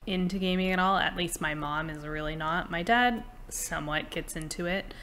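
A young woman co-hosting a gaming podcast in casual chat, speaking in a measured, reflective way with soft fillers. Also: lowish voice, slight background noise. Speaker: podcast co-host.

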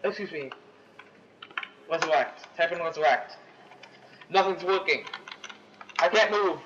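A young man giving excitable, profane let's-play commentary, yelling at the game. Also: a little high, measured pace, muffled recording, slight background noise. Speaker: gamer.

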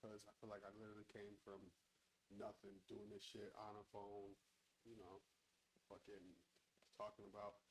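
A man's voice: lowish voice, completely flat delivery, normal speed, a little hiss or hum, low-quality recording. A man hosting a casual podcast chat from a home studio, talking in a laid-back way with lots of swearing into a handheld mic. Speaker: podcast host.

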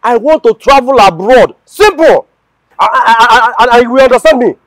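A man's voice: extremely high pitch, moderate pace, no room sound. An actor with a Nigerian accent playing an impatient young man desperate to travel abroad, pleading and stammering. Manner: excitable, pleading, stammering repetitions. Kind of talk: film drama acting.

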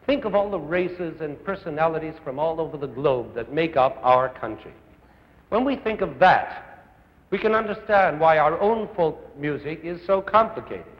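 A man's voice: fairly high pitch, animated, moderate pace. Man, music lecturer, earnest, rhetorical lists, long hall reverb, muffled vintage sound. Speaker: conductor and music educator. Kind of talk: televised music lecture to a young audience. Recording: dull old broadcast audio in a large hall.

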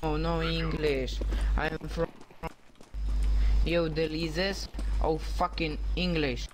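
A man's voice: a little high, flat delivery, takes it slowly, noisy background. A man with a Russian accent on in-game voice chat, talking in broken English and throwing angry insults. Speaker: online teammate.

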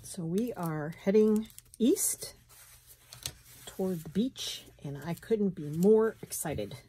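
A middle-aged woman with a slight Southern US lilt, chatting and thinking aloud as she works on a craft journal in her sunroom, with soft laughs. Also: medium pitch, slow pace, slightly rough. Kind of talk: casual craft tutorial chat. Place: home sunroom, indoors.

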